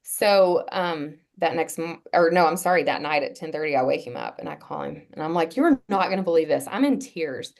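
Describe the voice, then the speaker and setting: Earnest, halting woman telling her story. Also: sits low, gravelly. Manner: halting, with frequent "um" and restarts. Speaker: podcast guest. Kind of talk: casual conversational storytelling.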